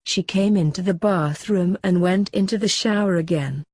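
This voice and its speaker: Female narrator, slightly low pitch, flat sardonic read of a crude story, very dry room. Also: moderate pace, no room sound.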